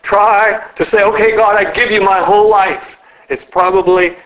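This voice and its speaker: A man preaching an earnest sermon in a church, slowing and dropping his voice to stress key words. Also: high-pitched, fairly even intonation, a bit bright, rough recording. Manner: earnest, slows and drops for emphasis.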